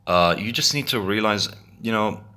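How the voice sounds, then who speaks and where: Earnest low-voiced man rambling to camera. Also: expressive, moderate pace, pushed and bright. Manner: earnest, repetitive, stumbling restarts. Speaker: video blogger. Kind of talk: casual monologue to camera.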